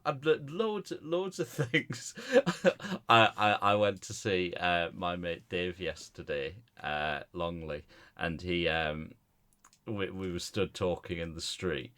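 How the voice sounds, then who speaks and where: A man's voice: deep voice, animated, measured pace, fairly bright tone. A man, co-hosting a podcast in casual chat, rambling through stories with stammered restarts. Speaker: podcast co-host.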